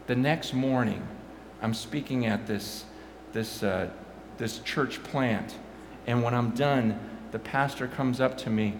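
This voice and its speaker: A pastor telling animated stories, swinging from quiet asides to loud bursts and repeating his words as he goes. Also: mid-range voice, measured pace, reverberant, slight background noise. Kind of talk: animated storytelling talk.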